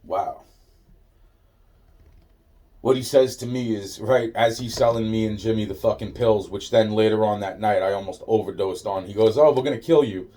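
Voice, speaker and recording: Rambling man with a dark mellow voice. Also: on the low side, steady tone, normal speed. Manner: meandering, heavy swearing, trailing off into repeated fillers. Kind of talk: rambling personal storytelling.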